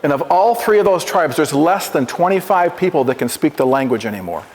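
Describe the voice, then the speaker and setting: A man with a high voice gives a talk to a class, stumbling over restarts and asking the room to repeat after him. A long reverb trails behind him in the school hall. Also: animated, a little fast, darkish tone. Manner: stammering restarts, questions to the class. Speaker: visiting Oneida presenter at a school. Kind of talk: classroom presentation with call-and-repeat.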